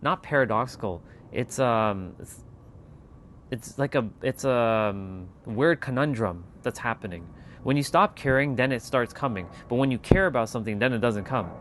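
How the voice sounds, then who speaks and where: A man's voice: medium pitch, moderate pace, a bit bright, slight background noise. A man hosting a casual motivational livestream, talking emphatically with lots of repetition and casual swearing. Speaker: channel host.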